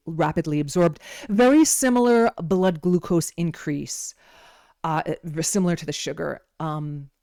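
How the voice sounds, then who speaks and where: A woman with a fairly low voice gives an informal nutrition lesson. She talks in a chatty, wandering way and keeps checking in with her listeners. The sound is dry and close, with no room echo. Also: darkish tone, clear, resonant tone. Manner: chatty and digressive, with frequent rhetorical "right?". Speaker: holistic nutrition educator. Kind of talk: informal teaching talk.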